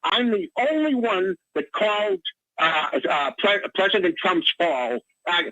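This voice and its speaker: A man's voice: high-pitched, expressive, unhurried, pushed and bright, dry recording. A male caller on a radio show who rambles, stammers and keeps restarting his sentences. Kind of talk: call-in radio rant. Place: Boston area. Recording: muffled lo-fi phone line.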